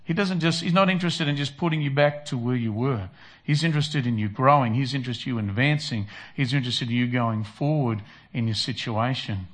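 A man's voice: medium pitch, quick pace, fairly bright tone. A man preaching a conversational sermon who acts out prayers and Bible voices. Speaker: pastor.

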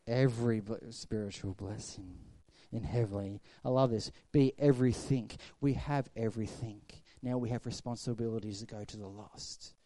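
A middle-aged pastor preaching a sermon, his voice mellow and relaxed. He moves between loud, lively storytelling and quiet, intimate passages. The sound is close and dry. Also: mid-range voice, no room sound.

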